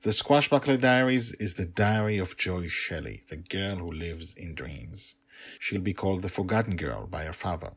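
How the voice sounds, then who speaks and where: A man's voice: low voice, lively intonation, moderate pace, breathy edge, no echo. A man who writes and reads his own storybook podcast, talking with eager, rambling enthusiasm. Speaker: podcast author and reader. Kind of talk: storybook narration.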